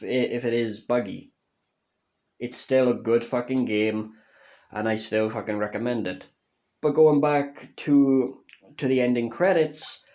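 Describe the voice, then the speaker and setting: A young man casually reviewing a video game, slow and halting, swearing constantly and restarting his words, earnest and emotional. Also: medium pitch, a little mellow.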